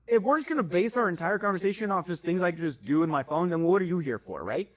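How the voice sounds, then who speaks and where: A young man co-hosting a podcast in casual chat. He tells animated stories, and his voice jumps high when he gets worked up. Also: quick pace, hardly any pauses, no room sound. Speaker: podcast co-host.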